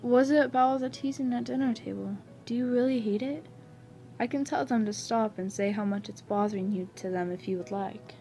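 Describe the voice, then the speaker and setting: A woman voicing a gentle, affectionate young man in a fan fiction reading, speaking softly and reassuringly. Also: a little high, fairly quick, slight background noise, lightly acted. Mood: tender. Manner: soft, tender, reassuring.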